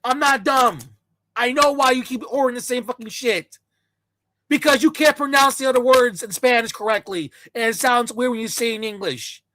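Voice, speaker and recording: A woman's voice: fairly high pitch, moderate pace, fairly bright tone, a little hiss or hum. A woman delivering a blunt, scornful commentary rant, mocking the people she talks about. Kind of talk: ranting commentary.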